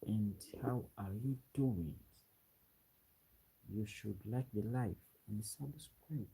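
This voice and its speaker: Speaking with a Ugandan English accent, this man from Uganda chats casually on a late-night livestream and reads out viewer comments. His fairly low voice is slow, creaky, mellow and slightly rough, and the rough recording comes from a webcam with a ring light setup.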